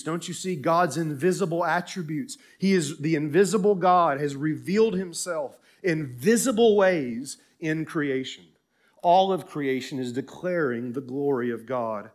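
A man's voice set high for his sex carries this sermon, delivered at an unhurried, measured pace. He preaches with emphatic fervor, pausing often and repeating key phrases for weight. He speaks as a pastor addressing his congregation in a church. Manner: emphatic, rising into fervent declarations; speaks slowly with many pauses and repeated phrases.

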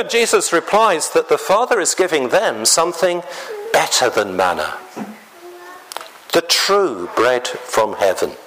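Slow, lively preaching man. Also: on the high side, noisy background. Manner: slow, deliberate preaching with clearing of the throat. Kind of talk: sermon.

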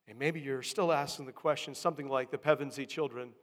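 A man preaching a sermon, swinging from hushed tones to loud emphatic calls. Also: mid-range voice, fairly even intonation, quick pace, hardly any pauses, in a large hall.

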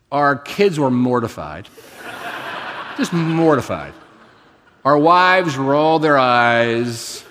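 Speaking slowly, a man in his fifties preaches as a guest, telling stories in a relaxed, conversational way and poking fun at himself. His pitch swings widely, a large hall gives his voice a long reverb, and there's slight background noise.

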